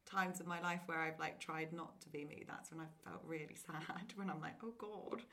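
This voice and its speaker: A young woman guesting on a podcast in casual chat, giggly and lively as she tells stories. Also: sits low, normal speed, gravelly.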